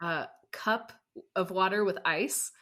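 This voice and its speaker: A woman's voice: mid-range voice, slow pace, a bit bright. A woman from Arizona co-hosting a film podcast, chatting casually and with enthusiasm. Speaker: podcast co-host. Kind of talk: casual chat.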